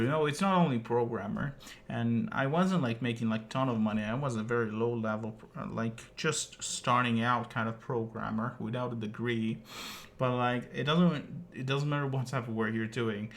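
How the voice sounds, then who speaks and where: A man streamer talks through a personal story in a casual rant. He rambles with plenty of fillers and drops the odd swear word. His voice sits at an ordinary middle pitch. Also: moderate pace, a bit bright, a little hiss or hum.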